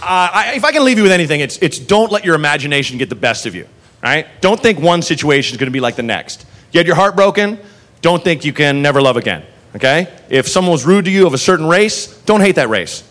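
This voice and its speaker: A man doing stand-up, telling a long story in a profane, animated way and acting out the people in it. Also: fairly high pitch, fast talker. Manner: animated, profane, acts out characters. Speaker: stand-up comedian. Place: comedy club stage. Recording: live stage recording with crowd and noise.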